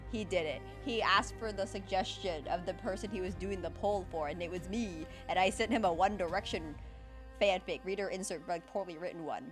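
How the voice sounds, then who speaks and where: A young woman streamer with a mid-range voice chats casually. She complains in an animated, dramatic, playful way and laughs a lot.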